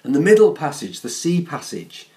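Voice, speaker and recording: A man's voice: a little high, big pitch swings, moderate pace, mellow. A man, a parish priest, giving a chatty, self-deprecating sermon in a church.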